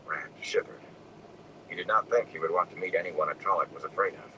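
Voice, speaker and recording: A man reading a novel aloud in a soft, hushed narration, sometimes dropping to a whisper. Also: low voice, a little fast. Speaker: audiobook reader. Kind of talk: scripted narration. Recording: distant mic with air conditioning noise.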